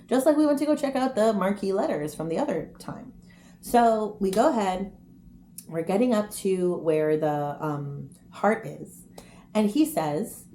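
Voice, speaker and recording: A young woman telling a story casually to camera, chatty and animated, with quick asides. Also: medium pitch. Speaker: vlogger. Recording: echoey room, faint noise.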